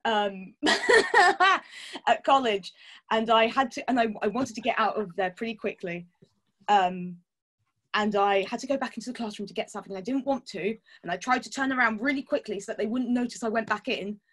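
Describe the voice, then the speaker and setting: A woman's voice: a little high, fairly quick. A woman chatting candidly as a podcast guest, laughing often and swearing casually. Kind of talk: casual chat.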